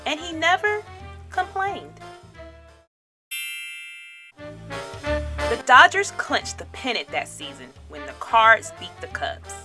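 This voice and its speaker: A woman reading a children's picture book aloud in an expressive storytelling style, raising her voice for the crowd's chants. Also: high-pitched, takes it slowly, long pauses, over music. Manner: dramatic, shouts crowd chants.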